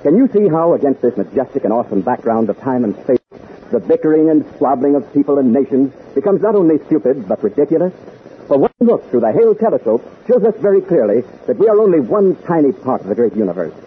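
A man's voice: medium pitch, big pitch swings, quick pace. A male announcer giving an earnest scripted public-service talk to young listeners he calls gang. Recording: tinny old radio broadcast with faint noise.

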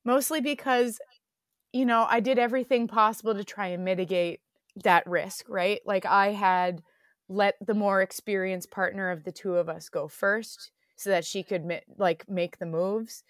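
A woman's voice: mid-range voice, fairly even intonation, normal speed, no echo, studio quality. A woman guest telling a mountain story in an interview, reflective and earnest, with frequent fillers.

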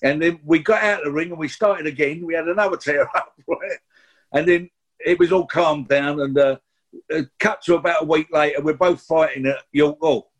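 A man's voice: a little high, moderate pace. A man in his sixties with a London accent, telling rambling, chatty stories in an interview, full of restarts and asides. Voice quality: husky. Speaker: guest actor. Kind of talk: anecdotal interview storytelling.

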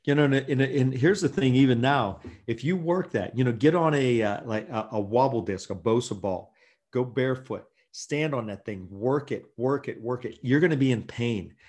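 A middle-aged man who works as a chiropractor, guesting in a casual interview. He tells stories in an animated way and laughs often as he goes. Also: medium pitch, normal speed.

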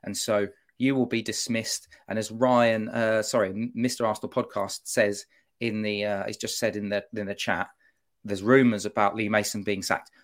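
A man giving an animated, opinionated monologue on a football podcast, often breaking off to mock-quote officials. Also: on the low side, moderate pace. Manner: animated, self-interrupting, mock-quoting officials.

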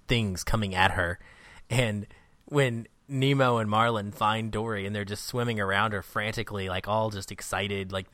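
Lively podcast host with a low voice. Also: male voice, no room sound. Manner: animated, laughing, doing quick impressions of characters. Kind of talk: casual podcast chat.

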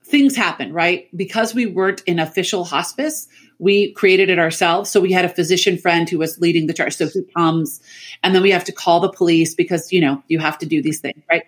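A middle-aged woman, a podcast guest, telling family stories in casual chat over a remote call, animated and laughing often. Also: fairly low pitch, brisk. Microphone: remote call mic.

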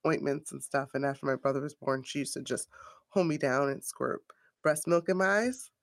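This woman co-hosts a podcast as a physician and keeps the talk light and playful, laughing through her stories. Her voice carries a gravelly fry. The sound is dry and close, with no room around it. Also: a bass voice, moderate pace, no room sound. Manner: playful, laughs often while talking. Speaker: podcast co-host, internist physician. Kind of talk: casual chat.

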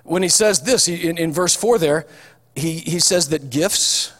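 A man's voice: on the high side, a little slow. A man preaching a sermon in a chatty, folksy way, with frequent fillers and restarts. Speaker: pastor. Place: church hall. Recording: long hall reverb.

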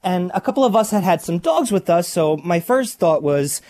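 A man telling a casual spoken anecdote, acting out voices and sounds in a lively way. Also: high-pitched, normal speed, hardly any pauses. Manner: animated, acts out voices and sounds. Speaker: guest storyteller.

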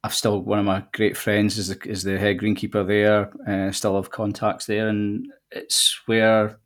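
A Scottish man in his forties talks in a low, even voice that barely rises or falls. He tells his stories in a relaxed, nostalgic way with easy fillers, like a podcast guest. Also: unhurried. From southwest Scotland. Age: 40s. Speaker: golf links manager guest. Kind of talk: casual podcast chat.

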